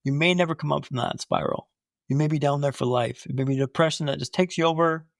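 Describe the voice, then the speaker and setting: A young man telling his own story in an animated way, with punchy short phrases. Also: a little high, quick pace, gravelly, dry recording, clean studio sound.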